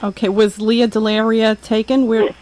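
A podcast host interviewing a guest in a casual way, eager and quick to react and laugh. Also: mid-range voice, little pitch movement, a little mellow.

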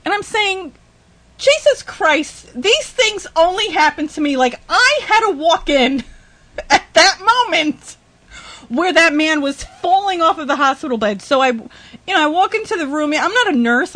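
A woman's voice: extremely high pitch, expressive, normal speed, bright, forceful tone, no room sound. A woman hosting a podcast, ranting indignantly with swearing, rambling asides, laughs and sighs. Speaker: podcast host. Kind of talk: ranting monologue.

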